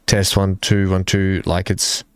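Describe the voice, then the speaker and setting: A man hosting a live stream, talking casually and haltingly into his desk microphone while he fixes his audio. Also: sits low, completely flat delivery, clean tone, no echo, studio quality. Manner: halting, mumbling, fixing his mic. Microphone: desk microphone with filters.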